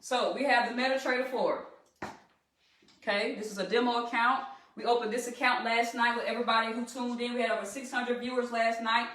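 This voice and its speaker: Southern woman, trading coach on a live stream, chatty and rallying, slightly high voice, distant and echoey. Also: fairly even intonation, brisk, fairly bright tone. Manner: chatty, rallying, addresses viewers as y'all. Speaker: trading instructor. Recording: echoey room, distant from the mic.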